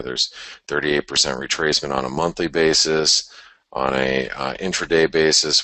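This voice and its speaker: Male webinar host, very deep and forceful, chatty and blunt, dry close mic. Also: no room sound. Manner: chatty, blunt, mutters to himself while working. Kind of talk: casual live market commentary.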